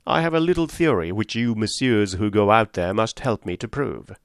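A man voicing an eccentric old male doctor who speaks in a calm, sententious, imperturbable way. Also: lowish voice, moderate pace, dry recording, studio quality. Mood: calm probing.

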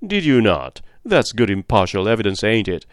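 A man voicing a gruff, good-humoured middle-aged police captain who talks in a bluff, bantering way. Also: fairly low pitch, sing-song, moderate pace, no room sound, studio quality.

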